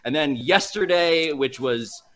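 A man co-hosting a sports podcast, telling stories in a playful, animated way. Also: a little high, measured pace. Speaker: podcast co-host, fan. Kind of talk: casual sports chat.

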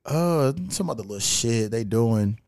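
A man hosting a podcast, telling animated, profane stories in a casual chat and acting out the quotes. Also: medium pitch, measured pace, no room sound, studio quality. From California. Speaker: podcast host.

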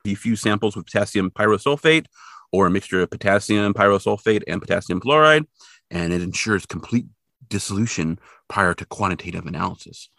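A man casually recapping a cartoon episode for a podcast, joking and acting out the characters in squeaky voices. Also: a little fast, vocal fry, dry recording, studio quality. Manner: animated, jokey, acts out characters in high squeaky voices. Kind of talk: casual chat.

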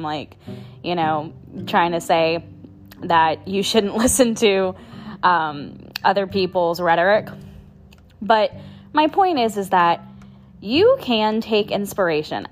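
A woman hosting her own podcast, talking in a casual motivational monologue, chatty, laughing often and swearing for emphasis. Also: lowish voice. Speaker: podcast host.

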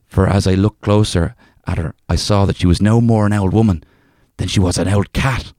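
A young man with a very low voice reads an old folk tale aloud. He does it in a thick storyteller's brogue, stopping now and then for a wry aside. The sound is close and dry. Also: fairly even intonation, normal speed, dark tone, no echo. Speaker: podcast co-host reading a folk tale. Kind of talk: casual podcast chat with dramatic reading.

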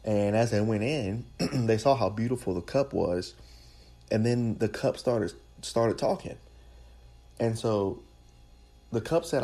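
A man with a low voice delivers a sermon. He speaks in a conversational, down-to-earth way and repeats phrases for emphasis. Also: slow pace, long pauses, warm tone. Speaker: preacher.

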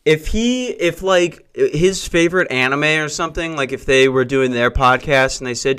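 A man's voice: fairly high pitch, moderate pace, hardly any pauses, fairly bright tone, clear, resonant tone. A young man hosting a podcast, rambling through casual, profane, jokey stories. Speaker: podcast host.

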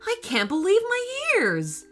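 A woman voicing a gentle, mild-mannered mother in a storybook reading. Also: on the high side, wildly swooping pitch, a little slow, faint music behind, exaggerated voice. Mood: dismayed. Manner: mild, polite exclamations.

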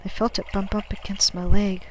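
A frightened young boy in a storybook, stammering and breathless, his voice pitched up, as a woman reads him. He trips over his words as he rushes to get them out. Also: little pitch movement, slight background noise, natural voice, rough recording. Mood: panicky.

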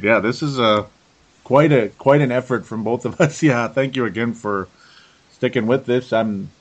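Tired, laughing podcast host man. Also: fairly low pitch. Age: young adult to middle-aged. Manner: laughing often, halting restarts. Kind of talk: casual podcast chat.

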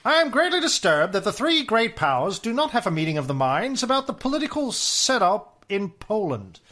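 Man voicing a 1920s aristocrat statesman: Mid-Atlantic accent, formal, earnest, pitched up. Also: big pitch swings, sharp tone, full character voice. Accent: old-fashioned Mid-Atlantic aristocratic. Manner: formal, measured letter-reading delivery.

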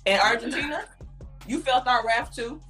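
A woman's voice: a little high, moderate pace, sharp tone, faint music behind, rough recording. A woman from Nigeria co-hosting a casual podcast chat, teasing and boastful. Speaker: podcast co-host.

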